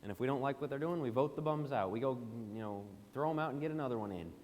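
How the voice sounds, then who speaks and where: A man's voice: mid-range voice, animated, fast, a little mellow. A man preaching a sermon in a church auditorium, emphatic and pressing indignant questions. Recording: long hall reverb.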